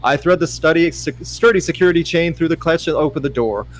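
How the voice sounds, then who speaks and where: A man as guest reader on a livestream, giving a mock-dramatic, teasing reading and loudly urging the host on. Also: on the high side, fast, poor audio. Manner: teasing, theatrical, swings to loud urging.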